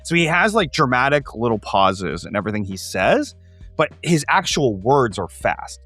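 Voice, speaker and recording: A man hosting a tabletop gaming show, explaining ideas in an animated, casual way with quick asides. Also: medium pitch, dry recording, faint music behind.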